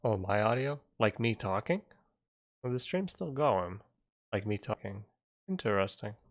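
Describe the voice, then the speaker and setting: A man with a lowish voice talks casually on his livestream from a home setup. He mumbles and thinks out loud, half to himself, as he adjusts his desk microphone. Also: sing-song, measured pace. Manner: mumbling, thinking aloud while fixing his audio.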